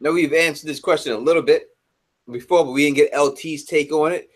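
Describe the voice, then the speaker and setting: A man hosting a casual live podcast chat, animated and teasing, cursing freely as he moderates the guests. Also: on the high side, a little fast. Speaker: host.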